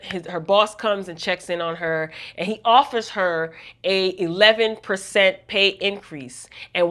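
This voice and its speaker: A woman's voice: medium pitch, sharp tone. Chatty woman recapping a TV episode. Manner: chatty, gossipy, talks straight to viewers. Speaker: TV recap vlogger. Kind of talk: casual episode recap and commentary.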